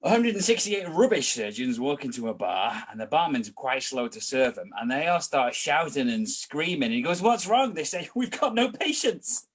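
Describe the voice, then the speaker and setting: A man's voice: medium pitch, animated, normal speed, few pauses, a crowd in the background. A man telling improvised bar jokes and voicing the barman for his punchlines. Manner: punchline delivery with voiced barman lines. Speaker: improv performer.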